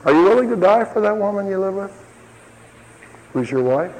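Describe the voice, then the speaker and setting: Male pastor, high voice, sermon with dry humor and dramatic drops, church reverb. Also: animated, moderate pace. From lived in Ohio. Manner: swings between emphatic rises and low quiet asides; tells humorous anecdotes to the congregation. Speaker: preacher.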